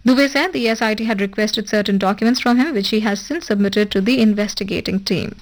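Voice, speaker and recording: A woman reading a formal radio news bulletin in a measured, even broadcast delivery. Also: mid-range voice, rough recording. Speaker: newsreader. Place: radio studio.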